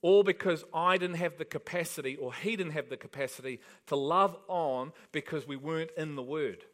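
High-voiced man preaching emphatically. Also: normal speed. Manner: emphatic, rhetorical questions to the congregation. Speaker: pastor. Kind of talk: sermon.

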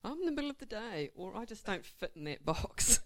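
A woman's voice: medium pitch, big pitch swings, fairly quick. A woman sharing an informal, candid testimony about her marriage to a church audience, with light laughter.

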